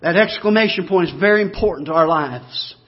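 A pastor preaching a sermon, moving from quiet, low talk up to loud, emphatic, repeated declarations. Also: male voice, brisk, dull audio.

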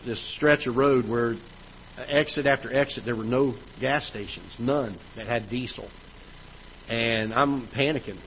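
A man, a pastor, preaching a sermon in a church auditorium, telling a personal story in a conversational way, growing loud at the frustrating parts. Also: mid-range voice. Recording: dull church livestream audio with faint noise.

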